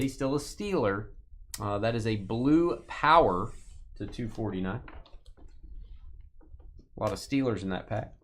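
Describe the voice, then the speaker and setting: चुलबुला आदमी, उतार-चढ़ाव भरी आवाज़ में. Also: male voice, medium pitch, a bit bright. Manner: joking, rattles off player names. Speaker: card break host. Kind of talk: casual live stream chat while opening card packs.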